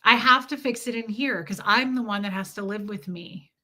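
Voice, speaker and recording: A woman's voice: mid-range voice, moderate pace, sharp tone, slight background noise. A woman hosting a livestream, telling a personal story with emphasis and greeting her chat along the way. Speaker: livestream host.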